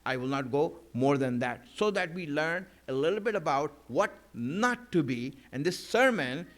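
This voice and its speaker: A man's voice: on the high side, lively intonation, moderate pace. A man delivering a sermon in a conversational way, with many "you know" fillers and emphatic repeated lines. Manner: emphatic repetition of key lines. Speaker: preacher.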